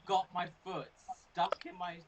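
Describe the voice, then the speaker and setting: Man, very slow, hesitant, soft, distant from mic, noisy background. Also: high-pitched, level tone, muffled recording. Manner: hesitant, full of fillers, soft. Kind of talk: casual livestream chat.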